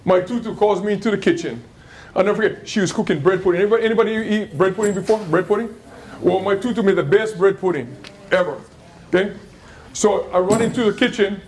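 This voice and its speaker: A middle-aged man tells a life story to a school audience. His voice sits high and light for a man. He keeps the kids involved with questions and repeated phrases. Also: fast talker, a little mellow, slight background noise. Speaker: motivational speaker at a school.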